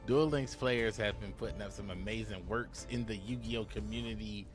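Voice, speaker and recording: A man's voice: lowish voice, normal speed, faint music behind. Hyped man doing card game commentary. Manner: hyped, slangy, repeats "my boy". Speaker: gaming YouTuber. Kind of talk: casual gameplay commentary.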